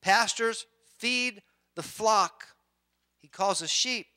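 Preaching slowly, a middle-aged pastor speaks in a bright, forceful voice pitched a little high. He keeps it loose and conversational, sometimes restarting sentences and clearing his throat.

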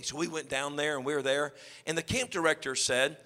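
A man, a youth pastor telling a comic story in an animated sermon style. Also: a little high, fast talker. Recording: long hall reverb.

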